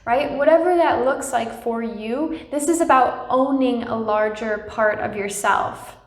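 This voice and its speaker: A young woman with a fairly high voice talks softly and reassuringly about her own feelings, pausing often to check in with her listeners. Her voice carries a noticeable echo from the room around her. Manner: gentle and reassuring, often adds "right?". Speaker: spiritual channel host. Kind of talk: personal spiritual talk to viewers.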